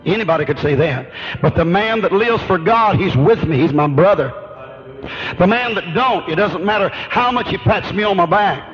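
A man's voice: high voice, lively intonation, normal speed, a bit bright. A man preaching a sermon with an emphatic, rhythmic preaching cadence. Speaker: pastor. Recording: dull lo-fi recording.

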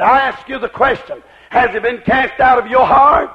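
A man preaching a fiery revival sermon, shouting in a chanting cadence, on a muffled lo-fi recording. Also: very high-pitched, fairly even intonation, moderate pace.

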